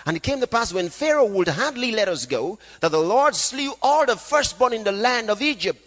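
A man preaching a sermon, reading scripture aloud and swinging between loud calls and hushed asides. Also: on the high side. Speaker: pastor. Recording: long hall reverb.

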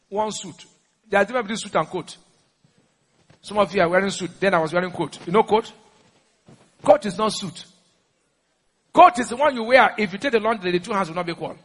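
A man's voice: high voice, animated, quick pace, pauses often, bright, forceful tone, husky, in a large hall. A man with a Nigerian accent preaching a sermon, with emphatic call-and-response questions to the congregation. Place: church.

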